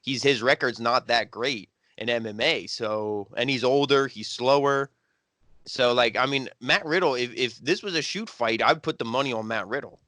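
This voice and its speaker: A man co-hosting a wrestling podcast, chatting casually and retelling scenes in an animated way, full of "like" and "he's like". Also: mid-range voice, normal speed, no echo, clean studio sound.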